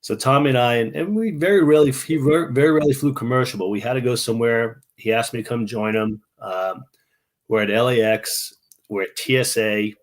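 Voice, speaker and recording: A man's voice: mid-range voice, a little fast. Middle-aged man telling chatty anecdotes. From New York. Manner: chatty anecdotes with restarts, mimics other people's voices. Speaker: guest. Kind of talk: casual storytelling.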